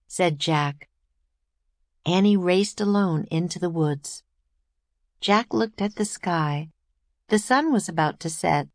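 A woman, the author, reading her own children's book aloud in a gentle, expressive storytelling manner. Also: low-pitched, slow, pauses often, no echo, clean studio sound, faint music behind. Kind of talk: children's audiobook narration.

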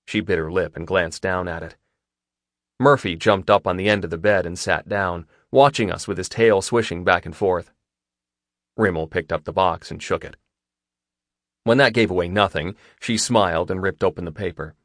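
A man narrating a first-person romance novel in a steady, intimate storytelling manner. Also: low voice, moderate pace, no echo, clean studio sound. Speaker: audiobook narrator.

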